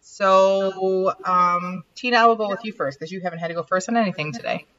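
A woman hosting a writers' podcast, reading her own fiction aloud and chatting in an animated, self-deprecating way. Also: on the low side, brisk, slight background noise. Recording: dull, lo-fi sound.

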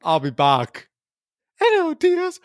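A woman doing a comedy impression of a muscular action star putting on a prim British nanny voice with a deliberately bad accent. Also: high-pitched, wildly swooping pitch, dry recording, clean studio sound, voice pushed up, exaggerated voice. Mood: hammy.

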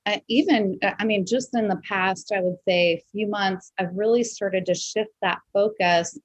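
A woman's steady, mid-range voice moves at a moderate pace as she hosts a podcast interview in casual chat. She's reflective and conversational, leaning on many fillers, and the recording is dry and rough.

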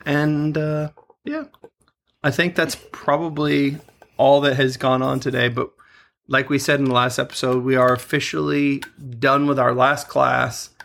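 Young man, twenties, podcast co-host, casual rambling chat, gravelly, bright tone. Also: medium pitch, little pitch movement, unhurried. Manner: laughing, rambling storyteller.

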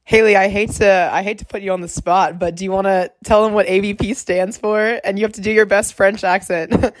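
A woman's voice: mid-range voice, fairly even intonation, a little fast. A young woman co-hosting a student podcast, chatting casually in a rambling, self-deprecating way. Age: young adult. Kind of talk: casual chat.

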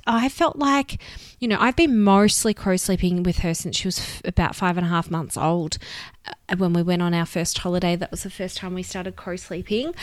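A woman's voice: mid-range voice, no room sound. A young Australian woman hosting a solo podcast, talking candidly and with open emotion as a mother. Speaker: podcast host.

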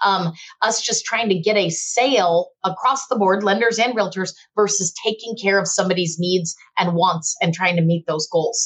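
Brisk middle-aged woman lender hosting. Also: on the low side, a bit bright. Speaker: mortgage lender and podcast host. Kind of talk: casual panel chat.

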